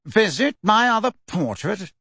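Man doing a reedy bored old painting wizard, slow snooty drawl, dry recording. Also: sits high, sing-song, sharp tone, slightly rough, dry recording, pitched above the performer's own voice, exaggerated voice. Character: bored, haughty male wizard in a portrait.

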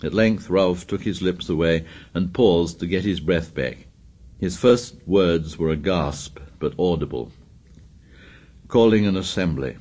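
Brief: lower-pitched male narrator, steady measured reading. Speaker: audiobook narrator. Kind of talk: scripted narration.

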